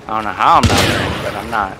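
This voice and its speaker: A man's voice: on the low side, steady tone, fast talker. A man talking casually with a teammate during an online game, making dry remarks and swearing. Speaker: gamer. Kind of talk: casual gaming chat. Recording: loud game noise behind.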